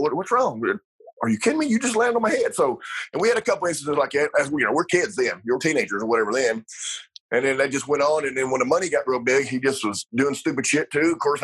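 A man's voice: a little high, fairly bright tone, husky, low-quality recording. A middle-aged man, a retired racer telling salty stories in a casual interview, rambling with lots of fillers and laughs.

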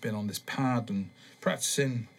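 A man hosting a podcast, rambling in a relaxed, meandering way with many pauses and ums. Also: medium pitch, soft background music. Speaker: podcast host. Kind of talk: casual rambling monologue.

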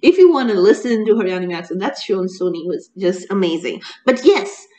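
A woman co-hosting a casual chat, talking in an animated way with many restarts and laughs. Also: medium pitch, a little fast, poor audio. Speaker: co-host reviewing a TV serial.

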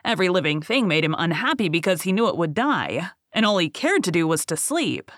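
A weary older boatman, bitter and grave, recounting his tale in a steady, even storytelling voice, as an audiobook reader puts him on. The voice sits at a middling pitch. It is recorded dry and close, with no room around it. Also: fairly quick, no echo. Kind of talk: audiobook reading.

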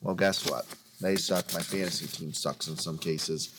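A podcast co-host with a lowish, slightly bright voice rants through casual sports talk at normal speed and a steady tone, calling his listeners folks. He veers between grumbling and grand theatrical declarations, with slight background noise.

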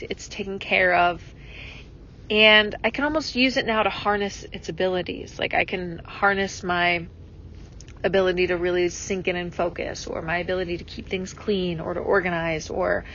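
A woman's voice: mid-range voice, fairly bright tone, dull audio, slight background noise. Rambling reflective woman podcaster. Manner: rambling, reflective, lots of fillers and restarts. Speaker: podcast host. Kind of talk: solo podcast monologue.

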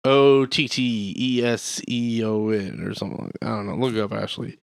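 A man with a fairly low voice co-hosts a podcast in a relaxed, casual chat. He tells wry, rambling stories. The sound is close and dry, with no room echo. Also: normal speed, creaky, clear, resonant tone. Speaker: podcast co-host.

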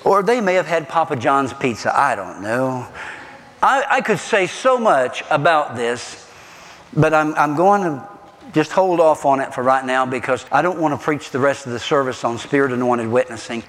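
A middle-aged pastor with a drawl preaches with a lively, swooping delivery that rises and falls. His voice sits a little high for a man and rings with a long hall echo, as from a church. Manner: animated preaching with rhetorical questions. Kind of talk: sermon.

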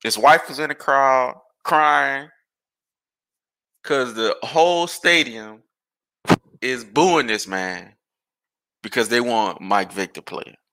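A man hosting a podcast, ranting and rambling about sports in an animated, exasperated way and swearing freely. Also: mid-range voice, slow, pauses often. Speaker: podcast host.

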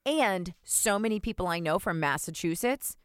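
A young woman from New Jersey co-hosting a podcast, chatty and animated, telling stories. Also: lowish voice, moderate pace, smooth, no room sound, studio quality. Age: young adult. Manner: chatty, animated storyteller with acted quotes. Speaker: podcast co-host. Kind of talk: casual chat.

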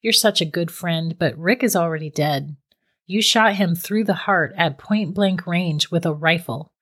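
A woman voicing a calm, teasing witch who holds a young man captive, speaking matter-of-factly in a storybook reading. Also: on the low side, unhurried. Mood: cool, teasing. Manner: calm, matter-of-fact and mocking. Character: cold, teasing middle-aged female witch captor.

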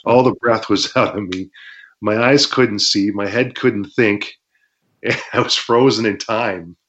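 Brief: Canadian ex-wrestler, guest storyteller, low voice, dull lo-fi audio, acts out the action. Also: male voice, slow. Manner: animated, acts out shouts and sound effects, laughs often. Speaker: interview guest, former pro wrestler. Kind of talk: casual storytelling interview.

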